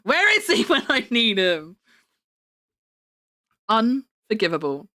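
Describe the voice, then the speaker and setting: A woman's voice: fairly high pitch, sing-song, slow, sharp tone. A young woman chatting casually on her live stream, rambling and laughing often.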